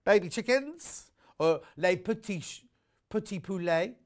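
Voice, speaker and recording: A man's voice: high-pitched, animated, a little slow. A middle-aged man from the UK presenting fabric bundles on a live shopping channel, chatting in a rambling way full of jokey asides. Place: warm studio with the shutter doors open.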